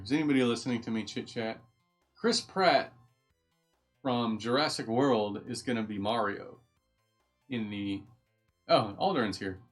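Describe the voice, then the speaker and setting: A man hosting a live stream at home, chatting casually and thinking aloud as he reads, easily getting sidetracked. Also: medium pitch.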